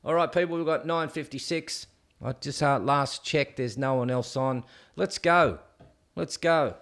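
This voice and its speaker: A man with an Australian accent hosts a live call-in stream. He talks in a chatty, excitable way and keeps calling everyone "mate" and "people". His voice sits at an ordinary middle pitch. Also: normal speed. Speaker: host of a live call-in show.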